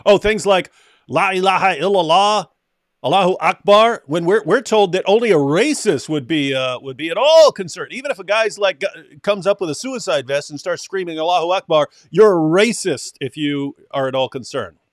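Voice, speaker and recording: A man with a slightly raised pitch reads a news piece aloud and keeps cutting in with sarcastic asides. The sound is dry and close, with no room in it. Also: lively intonation, moderate pace, hardly any pauses, no room sound. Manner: mocking, reads quotes aloud then interjects. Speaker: co-host reading and commenting on a news article. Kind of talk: sarcastic commentary.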